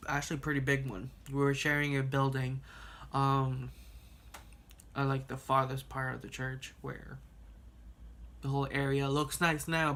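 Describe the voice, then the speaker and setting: Rambling young man telling a story. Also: medium pitch. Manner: rambling and animated, laughing and cursing at his own story. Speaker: vlogger. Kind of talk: casual storytime vlog.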